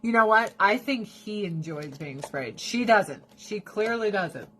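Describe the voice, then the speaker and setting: A woman in her thirties chatting casually to her viewers, swearing freely and ranting with animated storytelling. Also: mid-range voice, a little slow, slight background noise. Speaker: vlogger. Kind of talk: casual chat.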